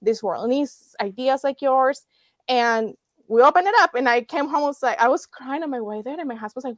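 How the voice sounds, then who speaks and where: A woman's voice: fairly high pitch, a little fast, dry recording. A woman in her thirties, a guest founding a nonprofit, telling her story in conversation, acting out dialogue and laughing often.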